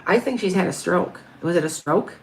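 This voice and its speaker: A woman's voice: fairly low pitch, a little fast, slight background noise. A woman in her fifties, a medium hosting a livestream, chatting casually through viewer questions with lots of restarts and asides. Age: 50s.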